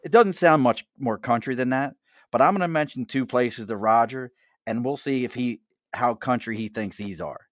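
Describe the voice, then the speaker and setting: A man's voice: mid-range voice, moderate pace, dry recording, clean studio sound. Joking Mid-Atlantic man hosting. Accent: Mid-Atlantic American. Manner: jokey, chatty, laughs often. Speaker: host. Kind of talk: casual chat at a bar.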